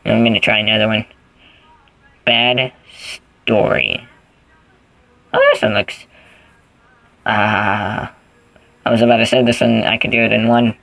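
Male gamer, casual commentary, goofy rambling; low-pitched and gravelly. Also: monotone, a little fast, long pauses, a bit bright, dry recording, rough recording. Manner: rambling, goofy, thinks aloud while playing. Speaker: gaming channel host.

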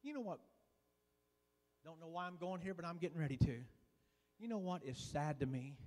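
A man preaching a sermon in a folksy, fervent way, dotting his lines with "uh" and dropping suddenly to a hush. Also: on the high side, expressive, normal speed. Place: church sanctuary. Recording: long reverb of a church hall.

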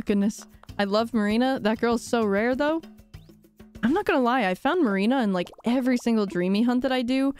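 A woman's voice: mid-range voice, darkish tone, smooth. A young woman chatting casually on a live game stream, rambling and laughing often with dramatic sighs. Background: faint game music.

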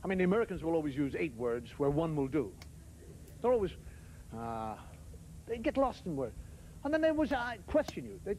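A man's voice: high-pitched, sing-song, brisk, long pauses, warm tone. A male comedian telling wry stories in a stand-up monologue, mimicking the way other people talk. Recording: old TV recording with audience laughter and hiss.

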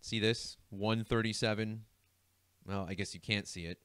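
A man's voice: lowish voice, fairly even intonation, moderate pace, a bit bright, clean tone, no room sound. A young man hosting a numerology video, talking casually over a screen share and often breaking into laughter. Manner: giggly, keeps breaking into laughter.

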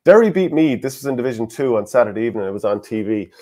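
A man's voice: medium pitch, lively intonation, rapid-fire, warm tone. A man with an Irish accent co-hosting a casual sports podcast, who gives firm opinions and reads out listener comments. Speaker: podcast co-host.

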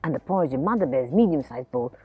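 A woman reading a story aloud for children outdoors in a garden, playful and animated. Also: a bass voice, fast, breathy edge, phone-quality sound, faint music behind. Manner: animated and playful, chatting to a teddy. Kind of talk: read-aloud storytelling for kids.

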